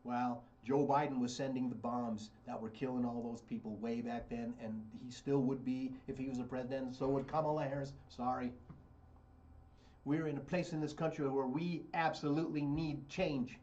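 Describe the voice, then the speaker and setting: A man's voice: mid-range voice, steady tone, moderate pace, darkish tone, dull audio. A man talking politics on a radio show, blunt, heated and mocking.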